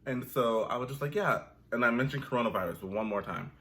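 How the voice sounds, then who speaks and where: A man's voice: medium pitch, quick pace, a bit bright. A young man ranting animatedly about his retail job, sassy and profane. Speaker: vlogger. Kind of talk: comedic rant.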